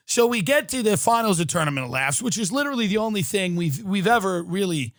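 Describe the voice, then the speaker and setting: A man's voice: high voice, animated, normal speed, a bit bright, dry recording, clean studio sound. A man in his thirties hosting a podcast, ranting sarcastically in a mock-outraged comic style, swearing and acting out quotes. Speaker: podcast host. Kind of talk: comedic rant.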